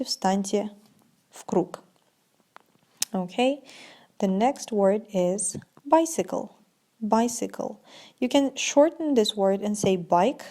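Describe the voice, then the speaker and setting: A woman teaching an English vocabulary lesson, saying each word slowly and clearly, then translating it. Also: medium pitch, warm tone. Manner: slow, deliberate pronunciation drills.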